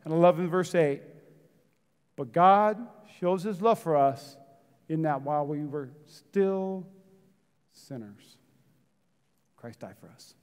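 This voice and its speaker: High-voiced preaching man in a reverberant hall. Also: slow pace, long pauses, smooth. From United States. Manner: dynamic preaching, swinging from shouts to soft near-whispers; calls out to the congregation. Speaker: pastor. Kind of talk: sermon. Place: church hall.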